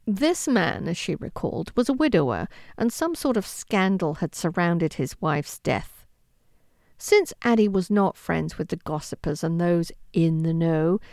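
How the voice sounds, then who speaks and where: A woman reads a historical romance aloud with expressive storytelling. Her pitch moves freely, rising and falling through the sentences. The recording is close and dry, with no room sound. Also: no room sound. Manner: expressive, with lively intonation. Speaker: audiobook narrator. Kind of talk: scripted narration of a historical romance.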